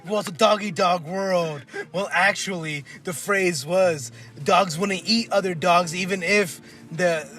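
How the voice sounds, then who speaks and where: A man's voice: sits high, measured pace, pushed and bright, a little hiss or hum. A man co-hosting a casual podcast, retelling movie scenes and acting out lines, laughing and swearing as he goes. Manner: laughs often, acts out scenes in quoted voices. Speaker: podcast co-host. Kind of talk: casual chat, movie review. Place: collectibles shop.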